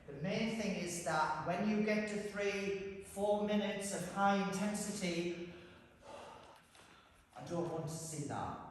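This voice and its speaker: A man's voice: high-pitched, slight background noise. Man in his sixties coaching a class. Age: 60s. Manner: firm, instructive, repeats rules. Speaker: breathing and boxing instructor. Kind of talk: leading a fitness class. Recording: roomy hall, voice from far off.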